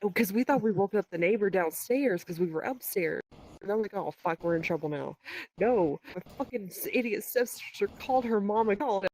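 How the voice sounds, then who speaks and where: A woman's voice: mid-range voice, brisk, slight background noise, low-quality recording. Profane woman telling a spooky story. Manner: profane, animated retelling with quoted dialogue. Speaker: podcast guest. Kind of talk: casual storytelling.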